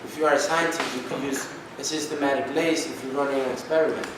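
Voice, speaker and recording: A man's voice: medium pitch, steady tone, fast. A male student giving a hesitant classroom explanation, restarting as he goes. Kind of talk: answering in class. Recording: distant in echoey classroom with noise.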